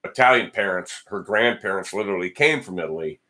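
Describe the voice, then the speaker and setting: A man's voice: sits low, animated, fairly quick, sharp tone. A man hosting a casual livestream, rambling and joking as he talks back to viewer comments. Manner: joking and blunt. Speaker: guitar channel host.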